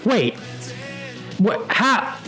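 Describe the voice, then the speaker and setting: A man's voice: high voice, sing-song, drawn-out words, pushed and bright, faint music behind, pitched above the performer's own voice, heavily acted. A man voicing an uptight, exasperated villain who talks frantically. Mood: shocked.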